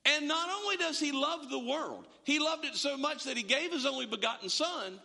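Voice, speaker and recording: A man's voice: extremely high pitch, expressive, moderate pace, gravelly, pushed and bright, big-room sound. A man preaching a sermon to a congregation, emphatic and often repeating words as he builds a point. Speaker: pastor.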